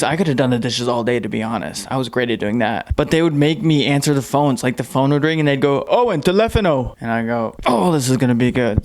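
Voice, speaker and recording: A man's voice: mid-range voice, slight background noise. Laid-back young man telling a funny story. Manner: laid-back, deadpan, full of "like" fillers. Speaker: vlogger. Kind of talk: casual comedic storytime.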